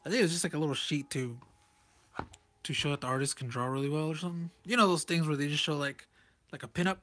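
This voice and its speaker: A man's voice: fairly high pitch, fast talker, fairly bright tone. A man casually reviewing a comic page by page, chuckling often and correcting himself in rambling asides. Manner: chuckles often and reads panel text aloud.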